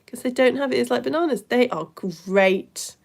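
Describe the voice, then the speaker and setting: A woman, an online science teacher chatting casually and warmly reading out viewer comments during a live stream. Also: fairly high pitch, moderate pace, gravelly. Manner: chatty and effusive, reads comments aloud.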